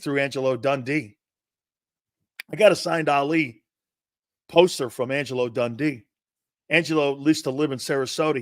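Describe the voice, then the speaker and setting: A man's voice: mid-range voice, fairly bright tone, no room sound, studio quality. A man in his fifties hosting a sports talk show, telling rambling anecdotes with restarts and the odd curse word. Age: 50s. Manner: rambling, digressive, with restarts and profanity. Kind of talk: casual anecdotal storytelling monologue.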